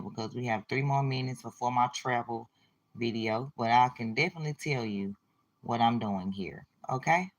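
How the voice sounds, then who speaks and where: A woman's voice: rumbling low, normal speed. A woman hosting a livestream, chatting casually and informally with her viewers. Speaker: livestream host.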